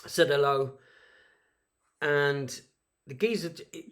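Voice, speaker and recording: A man with a South London accent and a high-pitched voice recounts a story in casual podcast chat. He muses aloud and puts questions to the others. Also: slow, fairly bright tone. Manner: storytelling, asks musing questions. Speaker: podcast co-host.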